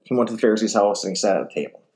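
A ministry speaker with a fairly low voice delivers a conversational sermon at a rapid-fire pace. He retells gospel stories casually, acting out the quotes with animation and dropping in casual fillers.

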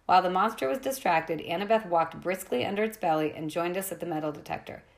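A woman's voice: on the low side, fast talker, creaky. A woman reading a novel aloud in a plain way, with small slips and restarts. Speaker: reader.

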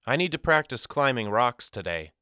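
A man voicing a gruff, dismissive boy in an audiobook. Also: mid-range voice, big pitch swings, normal speed, pushed and bright, dry recording, clean studio sound. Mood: matter-of-fact.

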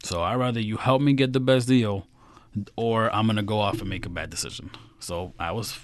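A middle-aged financial advisor from Queens, New York, tells stories in a casual interview, animatedly acting out the quotes. His voice is fairly low and his pace a little fast, on a dry recording.

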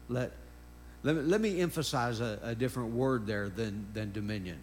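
A man's voice: medium pitch, animated, a little hiss or hum. A man preaching a sermon, emphatic and repetitive, breaking in with praise interjections. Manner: emphatic, drawn-out preaching with repeated phrases and interjections.

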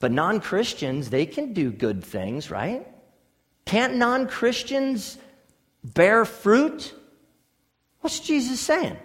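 A man's voice: high voice, very animated, slow pace, a bit bright, big-room sound. A man preaching a sermon as pastor, emphatic, with repeated phrases and rhetorical questions.

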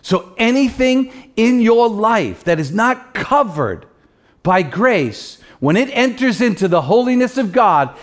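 High-voiced man preaching with passion. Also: sing-song, slow. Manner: impassioned preaching, swings between loud pleading and soft low tones; earnest, direct appeals to the listener. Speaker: pastor. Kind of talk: sermon.

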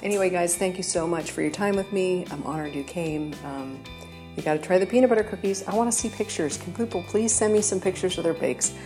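A woman's voice: on the low side, fairly quick, over music. A woman hosting a home baking show, chatting in a rambling, self-correcting way as she demonstrates a recipe in her kitchen.

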